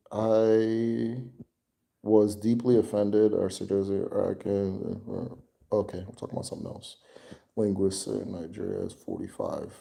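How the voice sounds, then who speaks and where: Low mellow dude doing a chill livestream q&a, rambly, swears a lot, keeps chuckling. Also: male voice, gravelly. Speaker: host answering viewer questions. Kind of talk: casual livestream Q&A.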